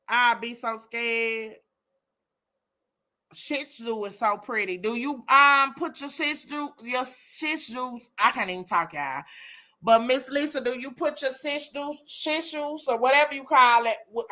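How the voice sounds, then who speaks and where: A woman's voice: high voice, takes it slowly, bright, forceful tone. A woman hosting a casual live chat, exclaiming and talking to listeners by name. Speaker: host of a live chat room.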